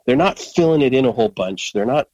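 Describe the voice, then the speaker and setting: Brief: male co-host, lively pitch, eager, many restarts, dry close mic. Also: normal speed, no room sound, muffled recording. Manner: enthusiastic, searching for words, many restarts. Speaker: guest co-host. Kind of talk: casual music chat.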